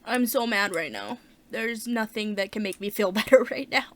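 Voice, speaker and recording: एक महिला अपना गेम खेलते हुए बातचीत के अंदाज़ में कमेंट्री करती है, ज़ोर से सोचती है और बीच-बीच में उत्साह से उछल पड़ती है।. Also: female voice, mid-range voice, normal speed. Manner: chatty, thinks aloud, bursts of excitement. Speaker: gaming channel host. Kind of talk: casual let's-play commentary.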